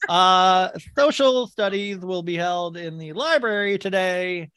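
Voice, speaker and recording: A man's voice: high-pitched, a little slow, sharp tone, clean tone, no echo. A man voicing a pompous teenage boy reading the daily school announcements in a mock-formal way. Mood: self-important. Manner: self-important, mock-formal.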